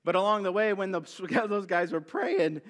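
A man giving a sermon as a guest pastor, telling the story with lots of energy, jumping from loud bursts to quiet asides and joking with the congregation. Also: high voice, moderate pace, long reverb tail. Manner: animated storytelling, swinging between loud bursts and hushed asides; jokey, talks straight to the congregation.

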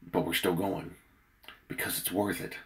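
A worn-out man giving an earnest daily devotional sermon and reading scripture aloud, his loudness swelling and dropping for emphasis. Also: low-pitched, steady tone, measured pace, vocal fry. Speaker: preacher leading a daily prayer.

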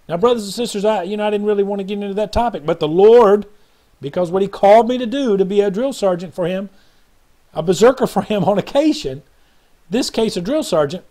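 A man's voice: sits high, fairly quick, dark tone. A man preaching an earnest, rambling sermon to his viewers and acting out the voices of a parable he retells. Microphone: webcam or phone video.

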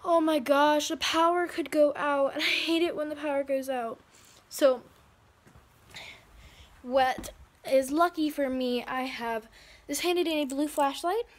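A frightened teenage girl vlogging casually from home on a handheld phone, talking in a nervous, jittery way with breathy asides. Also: high voice, steady tone, unhurried, long pauses. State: frightened and shaking. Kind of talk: casual vlog. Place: indoors at home by a window.

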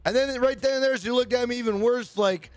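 Male streamer, very high voice, dry close sound, swears constantly, chatty storyteller. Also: a little fast, dry recording. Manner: profane, rambling storyteller greeting chat by name. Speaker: livestream host. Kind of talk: casual livestream chat.

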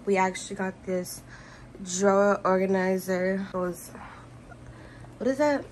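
A woman's voice: mid-range voice, a little slow, slight background noise, poor audio. Chatty pregnant woman showing a nursery. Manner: chatty, self-correcting, gushing. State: heavily pregnant, a bit out of breath. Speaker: vlogger. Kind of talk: casual room tour. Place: baby's room at home.

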